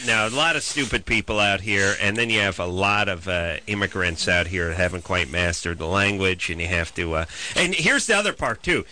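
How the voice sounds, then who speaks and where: A man hosting a radio show, telling rambling, animated comic stories in casual banter from a studio microphone. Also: deep voice, brisk, few pauses. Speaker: radio host.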